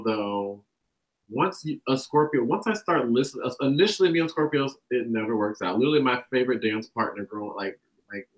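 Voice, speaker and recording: A man's voice: mid-range voice, poor audio. Rambling young man from the South. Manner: rambling, animated, acts out quotes. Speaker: guest. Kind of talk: casual spiritual conversation.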